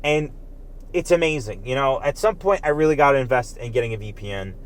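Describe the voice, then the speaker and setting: A man's voice: mid-range voice, lively intonation, brisk. A man delivering a heated, profane political rant as a commentator, emphatic and agitated throughout.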